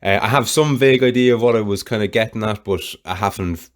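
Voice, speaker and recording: A man's voice: fairly low pitch, fast. A man hosting a solo podcast, talking candidly in a rambling way and swearing freely. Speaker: podcast host.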